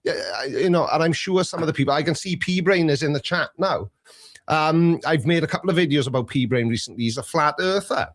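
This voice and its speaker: Chatty Welsh man, fairly high voice. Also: fairly quick. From Wales. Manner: chatty, self-deprecating storyteller. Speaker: call-in show host. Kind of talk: casual chat.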